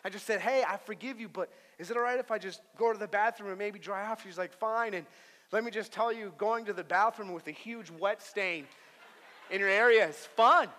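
A young male pastor with a high, ringing, sharp-edged voice preaches in a church hall. His delivery moves between hushed, confiding stretches and loud, emphatic passages, with playful character voices when he tells a story. His words hang in a long hall reverb. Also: fairly quick. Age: young adult. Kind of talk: sermon. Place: church auditorium.

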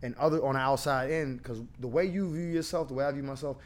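A man's voice: mid-range voice, steady tone, fast talker. A man talking candidly on a podcast, blunt and profane, acting out the people he quotes. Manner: blunt, profane, acts out quoted voices with laughter.

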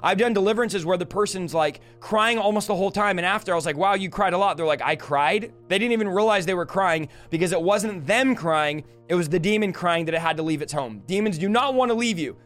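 High-voiced man teaching on a livestream. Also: fairly bright tone, soft background music. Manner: earnest, fast teaching with lists and rhetorical questions. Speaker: deliverance minister.

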